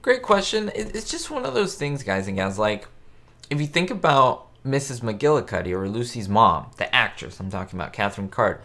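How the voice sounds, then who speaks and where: A man's voice: medium pitch, big pitch swings, normal speed, bright, forceful tone. A man hosting a casual live chat on a facecam, answering viewers' comments in a rambling, chatty way with lots of fillers. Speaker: host of a live chat stream about a classic sitcom.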